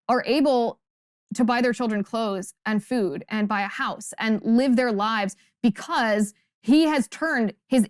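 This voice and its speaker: A woman's voice: fairly high pitch, a little mellow, no echo. Emphatic woman host, dry close sound. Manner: emphatic, indignant, rhetorical questions. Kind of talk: political commentary monologue.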